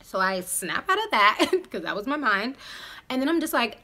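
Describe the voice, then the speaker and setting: A young woman in her twenties telling a storytime straight to her viewers, animated and profane. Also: on the high side, normal speed. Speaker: vlogger. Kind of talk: casual storytime.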